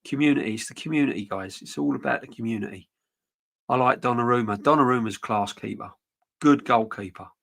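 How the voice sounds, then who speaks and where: A man's voice: mid-range voice, fairly quick, creaky, a bit bright. Chatty man on a live stream. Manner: rambling, frank, chatty with restarts. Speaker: football channel host reading live chat. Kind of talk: casual live-stream chat.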